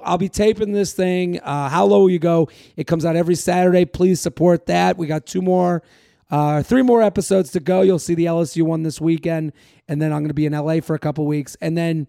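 Guy with a high raspy voice rambling on his podcast, crude jokes, lots of plugs, dry close sound. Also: a little fast, dark tone, no room sound. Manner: rambling, crude joking, self-promoting. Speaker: podcast host and comedian. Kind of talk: casual podcast chat.

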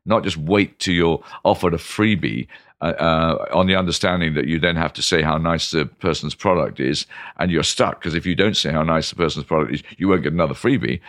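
A man's voice: a little fast, no echo, clean studio sound. A man who is a wine expert, telling stories with enthusiasm in an interview and acting out voices as he goes. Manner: animated, enthusiastic, acts out voices, jumps high in pitch. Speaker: wine expert and former TV presenter. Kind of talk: interview storytelling.

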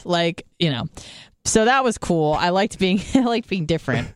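A woman's voice: on the low side, sing-song, moderate pace. A young American woman from San Diego chats as a podcast host, spinning stories and swearing freely. She mimics other people's voices as she goes. The sound is close and dry, with no room echo. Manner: chatty storytelling, swears a lot, mimics voices. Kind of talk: casual chat.

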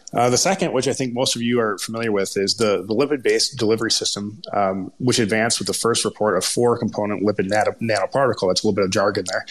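A man with a Minnesota accent, speaking as a guest expert in an ad-libbed panel talk, stumbling and restarting often. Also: on the low side. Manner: halting, many restarts and jargon.

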